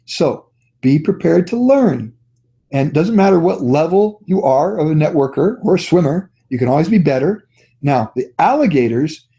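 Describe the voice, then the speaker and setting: A man's voice: high voice, warm tone. A man leading a network marketing training on a call, telling stories in a folksy, upbeat, encouraging way. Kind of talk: motivational training talk on a conference call.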